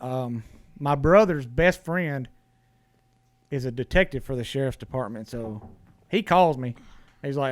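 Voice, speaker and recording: A man's voice: medium pitch, a little slow, pauses often. A man, a podcast guest telling a story in casual talk, blunt and profane, often restarting his words.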